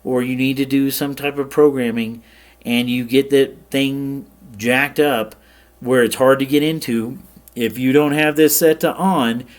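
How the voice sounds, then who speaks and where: A man at mid pitch talks a viewer through software settings in an easygoing tutorial. He explains in a plain, relaxed way and stops now and then to check that the viewer is following. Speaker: ham radio tutorial host. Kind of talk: casual screen-share tutorial.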